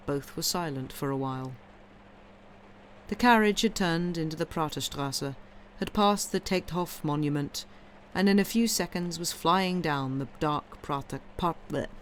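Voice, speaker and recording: A woman reading a classic short story aloud in a calm, measured audiobook narration. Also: low-pitched, slight background noise. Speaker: reader.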